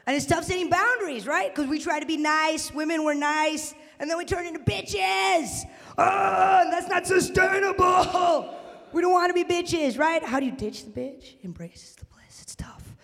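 A woman works a live crowd in a stand-up comedy set. Her delivery is animated, and she breaks into loud shouted bits for the punchlines. The sound is roomy, with a long reverb trailing behind her in the venue. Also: extremely high pitch, moderate pace, creaky.

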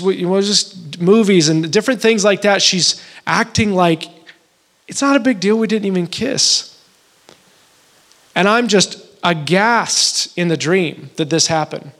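A married man delivers a sermon in a somewhat high voice. He tells stories casually, with small restarts, and builds to emotional, pleading peaks. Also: a bit bright. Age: adult, married. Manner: conversational storytelling with restarts. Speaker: pastor.

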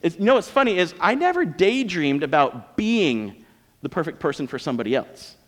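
A slightly high, sing-song voice moves at normal speed as this American pastor preaches with jokes and an easy, conversational manner. The setting is a church auditorium, heard through a long hall reverb.

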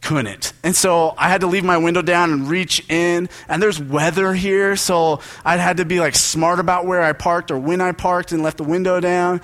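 A man's voice: high-pitched, fairly even intonation, moderate pace, hardly any pauses, a bit bright. A young man preaching a sermon in a conversational, joking storytelling manner. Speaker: pastor.

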